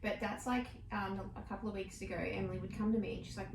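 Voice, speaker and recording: A woman's voice: medium pitch, steady tone, fast talker, vocal fry. Easygoing woman chatting with a friend. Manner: warm, affectionate, calls her friend babe. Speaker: podcast co-host. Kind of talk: casual chat. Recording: roomy, distant mic with faint background hiss.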